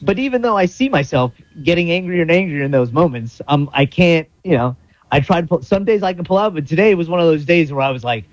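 Man co-hosting radio, dry close sound, animated storyteller. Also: on the high side, fast talker, dry recording, lo-fi sound. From South Florida. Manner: rambling, animated storytelling with voiced inner monologue. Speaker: radio co-host. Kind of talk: casual radio talk.

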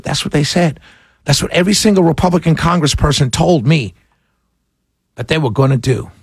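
A man hosting a political talk radio show, passionate and often yelling, with sarcastic asides, speaking close into a studio mic. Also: fairly high pitch, creaky, slightly rough, no room sound. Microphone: studio mic right in front of him.

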